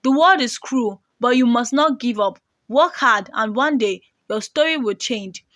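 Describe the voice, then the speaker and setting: A woman voicing a kind old man giving gentle encouragement in a folktale. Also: on the high side, a little slow, dry recording. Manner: gentle, advising.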